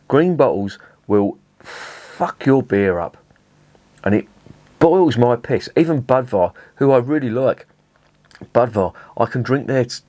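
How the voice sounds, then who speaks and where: A man's voice: on the low side, a little mellow, dry recording. A man reviewing beer in a vlog, ranting in a sweary, exasperated way and often restarting his sentences.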